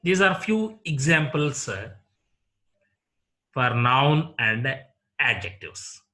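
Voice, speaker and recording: A man teaching an English lesson on word stress, slowly and deliberately repeating example words one at a time. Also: mid-range voice, very animated, sharp tone. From India. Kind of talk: classroom lecture on word stress.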